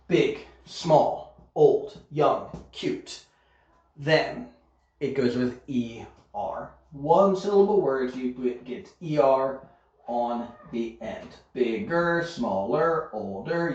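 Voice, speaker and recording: A man's voice: medium pitch, a little mellow. Man teaching English in an echoey room. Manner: patient, explains step by step with frequent "okay?". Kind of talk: recorded online lesson. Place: Korea. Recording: echoey room, muffled sound.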